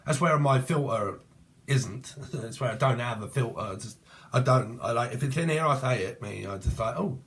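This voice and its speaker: A middle-aged British man talks through a tarot reading in an unscripted, meandering way. He swears freely and keeps breaking off into jokey tangents, with a voice of ordinary, mid-range pitch. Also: moderate pace, a bit bright. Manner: rambling, crude, laughing asides. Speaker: tarot reader. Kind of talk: casual tarot reading monologue.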